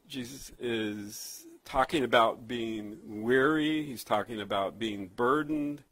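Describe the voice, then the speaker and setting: A man preaching a sermon, telling a childhood story and reading scripture slowly, with frequent restarts and fillers. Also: mid-range voice, fairly bright tone, breathy edge, no room sound, rough recording. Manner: conversational storytelling with many restarts; slow, emphatic scripture reading. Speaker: pastor.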